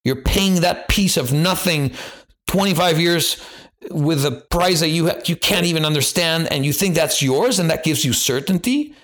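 A man delivering an impassioned solo monologue as a podcast host, blunt and profane, swinging between loud exhortation and low, earnest stretches. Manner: blunt, profane, confrontational ranting.

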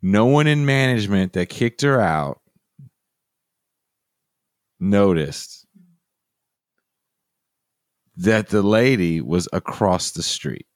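Podcast host, man with a very low voice, sardonic and casual, dry close sound. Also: animated, slow, pauses often, no echo. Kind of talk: casual storytelling.

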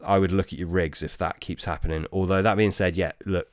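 A man with a very low voice talks through listener questions in a relaxed, rambling way, full of ums and restarts. The sound is dry and close, with almost no room. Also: a little fast, dry recording. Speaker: podcast host. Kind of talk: casual chat answering listener questions.

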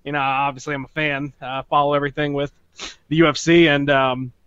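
A man's voice: a little high, level tone, a little fast, fairly bright tone, clean tone, no echo. A man chatting easily as a guest on a podcast. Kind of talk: casual podcast chat. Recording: dull, lo-fi call audio.

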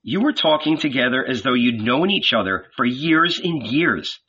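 A man's voice: medium pitch, lively intonation, moderate pace, sharp tone, slightly rough, highs cut off. A man reading an audiobook, voicing a puzzled, plain-spoken disciple.

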